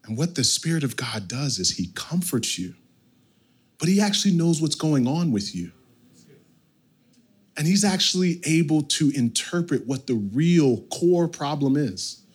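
Pastor, male, thirties, slightly high voice, lively storytelling sermon with sharp loud-soft swings. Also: husky. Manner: storytelling, animated, with sudden loud and quiet turns.

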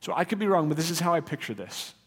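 A man's voice: on the high side, very animated, fast talker, fairly bright tone, breathy edge. Earnest man preaching in a reverberant hall. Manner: earnest, conversational teaching with rising emphasis. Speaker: pastor. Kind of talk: sermon.

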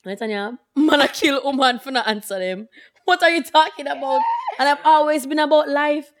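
A woman's voice: high voice, a little fast. A woman, co-hosting a casual chat podcast and making blunt, wry remarks. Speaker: podcast co-host.

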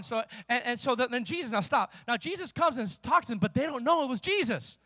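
A man's voice: very high-pitched, lively intonation, a little fast, pushed and bright, dry recording. A man preaching a sermon as pastor, with impassioned delivery and vivid storytelling.

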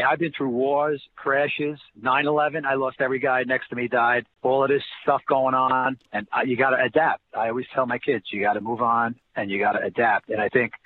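Older New guy, animated storyteller acting out old conversations, tinny phone-line sound, faint hiss. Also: medium pitch. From New Jersey. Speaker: interview guest, former college basketball player. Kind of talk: casual storytelling interview.

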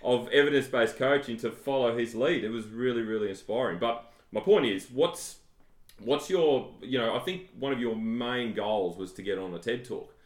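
A man's voice: medium pitch, moderate pace. A man hosting a podcast, asking questions in an enthusiastic, encouraging way. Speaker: podcast host. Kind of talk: casual podcast interview. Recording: roomy sound.

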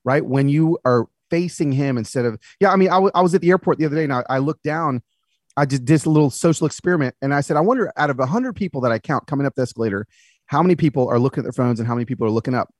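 A man talking as a podcast guest, earnest and animated, telling stories about his faith. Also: medium pitch, rapid-fire, no room sound, studio quality. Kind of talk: casual conversation.

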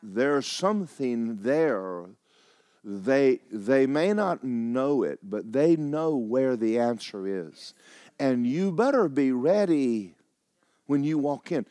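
A man's voice: medium pitch, big pitch swings, slow pace, mellow, dry recording. A man preaching a sermon as pastor, telling a story with emphatic, rising delivery.

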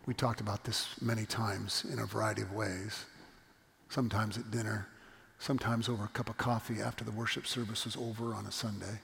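A man's voice: on the low side, level tone, brisk, creaky, fairly bright tone. A middle-aged male pastor preaching a sermon, telling a story earnestly and repeating his point with emphasis. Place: church sanctuary. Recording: long reverb of a church hall.

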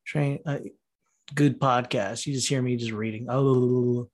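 A man's voice: medium pitch, steady tone, a little slow, a little mellow. A man ranting casually on a solo podcast, rambling and profane, laughing often and mocking characters in quoted voices.

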